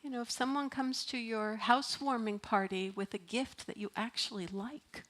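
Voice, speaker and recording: A woman's voice: a little high, steady tone, normal speed, background noise. A middle-aged woman minister giving a sermon in a church, talking in a chatty, playful way and laughing often. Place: church sanctuary.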